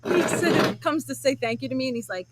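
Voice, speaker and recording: Chatty woman with a high voice. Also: lively intonation, no room sound, low-quality recording. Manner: chatty, halting, restarts often. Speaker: teleprompter operator, guest. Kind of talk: casual chat.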